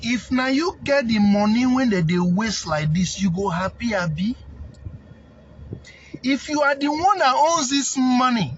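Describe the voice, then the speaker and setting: A man with a Nigerian accent rants defiantly in a high voice, preaching and hammering lines again and again for emphasis. The recording sounds dull and lo-fi, with a faint noise underneath. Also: lively intonation, a little slow. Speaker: snail farming consultant. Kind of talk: impassioned rant to camera.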